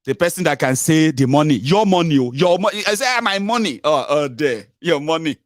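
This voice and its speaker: Here a Nigerian man with a fairly quick delivery and a voice on the high side speaks as a political commentator, emphatic and mocking, asking rhetorical question after rhetorical question. He mixes Pidgin and Yoruba into his Nigerian-accented English, and the clean studio sound has no echo.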